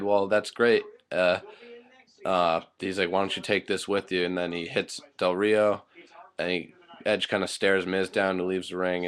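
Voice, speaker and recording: A man's voice: sits low, fairly bright tone, clear, resonant tone. A man giving a casual spoken recap of a wrestling show, rambling with lots of fillers and blunt swearing.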